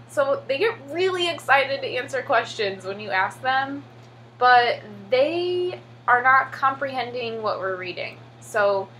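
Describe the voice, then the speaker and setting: A woman's voice: high-pitched, sharp tone, rough recording. Chatty young woman vlogging with faint hum. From United States. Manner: chatty, many fillers and "like"; acts out children's voices when telling stories. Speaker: English teacher in Korea. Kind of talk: casual vlog.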